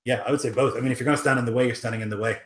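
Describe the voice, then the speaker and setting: A man's voice: mid-range voice, fairly even intonation, very fast, a bit bright. A man narrating as game master, rambling with lots of filler words. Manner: rambling, heavy use of "like" and "um".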